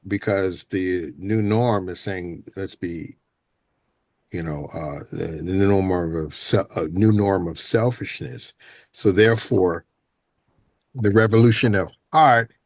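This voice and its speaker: A man hosting a reflective panel discussion, speaking haltingly and repeating words as he searches for them. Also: sits low, vocal fry, no room sound. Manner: halting, repeats words, soft trailing asides.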